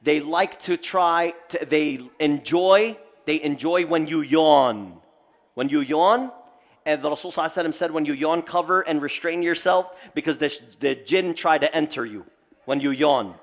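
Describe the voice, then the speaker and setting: A man teaching at a community center, telling stories with humor and lively asides. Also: fairly high pitch, moderate pace. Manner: animated storytelling with humor. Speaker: Islamic teacher. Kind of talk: community lecture. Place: mosque community hall.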